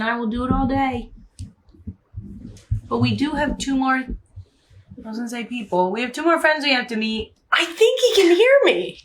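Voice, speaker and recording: Woman, slow soothing dog-praise, mid pitch, faint background hiss. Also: fairly bright tone, low-quality recording. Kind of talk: casual chat.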